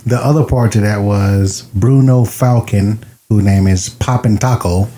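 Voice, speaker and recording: Deep dark-voiced man, hesitant podcast chat. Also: fairly even intonation, measured pace. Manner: hesitant, trails off, restarts. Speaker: podcast co-host. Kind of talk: casual movie podcast chat.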